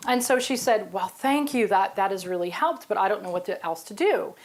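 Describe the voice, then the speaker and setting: A woman, a psychic guest, telling stories in a lively, chatty way. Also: a little fast. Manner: animated, storytelling, exclaims in high bursts. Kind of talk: casual interview talk.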